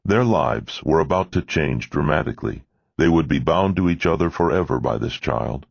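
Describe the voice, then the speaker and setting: A man narrating an audiobook in a measured, expressive reading. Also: very deep voice, creaky, no echo. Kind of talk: scripted narration. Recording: dull lo-fi dry recording.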